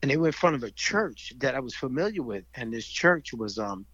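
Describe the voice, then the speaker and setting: A man's voice: mid-range voice, very animated, fairly quick, fairly bright tone, no echo, lo-fi sound. A middle-aged man telling a story from his youth in casual conversation, animatedly acting out the voices of people in it. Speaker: guest storyteller.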